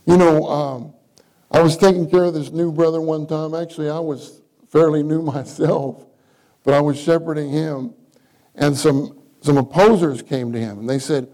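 A man's voice: a little high, steady tone, normal speed, mellow, rough recording. A male preacher giving a conversational sermon at a church meeting, often putting questions to his listeners. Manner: interactive, questions the congregation.

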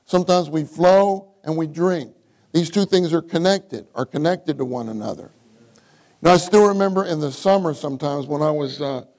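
A man's voice: a little high, darkish tone, poor audio. A middle-aged man preaching a sermon, reading scripture aloud and repeating key phrases for emphasis. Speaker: church speaker.

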